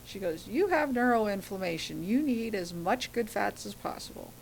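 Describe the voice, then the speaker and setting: A middle-aged woman telling a personal story as a guest, animated, acting out the voices of people she quotes. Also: mid-range voice, moderate pace, creaky, a little hiss or hum, low-quality recording.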